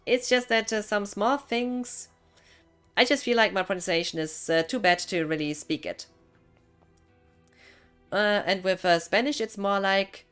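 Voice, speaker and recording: A woman's voice: medium pitch, takes it slowly, pauses often, fairly bright tone, clean tone, soft background music. A young woman with a German accent, a non-native English speaker, rambling casually as she chats on a live gaming stream. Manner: rambling, thinking aloud.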